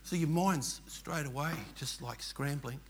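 An older Australian man tells his own story with a gravelly, creaky edge to his voice. He speaks earnestly and emphatically, and his sentences ramble and circle back. A faint hiss sits under the recording. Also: a little high, a little slow. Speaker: churchgoer telling his story. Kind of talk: personal testimony storytelling.

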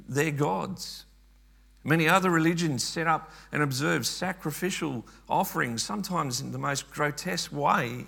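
A man's voice: a little high, gravelly, sharp tone. A man preaching a sermon earnestly, often repeating words and restarting phrases.

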